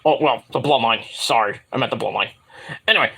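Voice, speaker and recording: A man giving a rambling solo review of wrestling shows, acting out the wrestlers' lines in high mocking voices. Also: fairly quick, vocal fry, sharp tone, husky. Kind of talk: casual solo review monologue.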